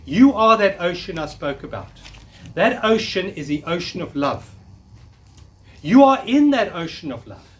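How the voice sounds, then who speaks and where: Recorded from a distance, this workshop speaker in his fifties has a high-sitting, slightly bright voice with big pitch swings and a measured pace. He gives a live spiritual talk, earnestly urging the crowd to echo his affirmations back to him.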